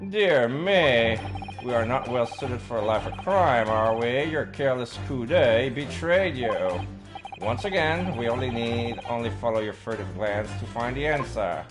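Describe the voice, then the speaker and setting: A man's voice: mid-range voice, natural voice. A man voicing a pompous, grandiose male detective with a theatrical put-on accent, reading game dialogue over music. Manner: grandiose, lofty, slow reading. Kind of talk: reading game dialogue aloud on a live stream.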